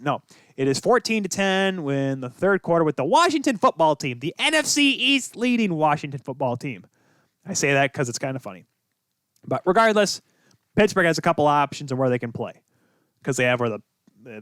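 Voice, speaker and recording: A man's voice: medium pitch, a bit bright, clean tone, no echo, clean studio sound. A young man hosting a sports podcast, talking solo in a rambling way, thinking aloud, his voice jumping up when he gets worked up. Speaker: podcast host.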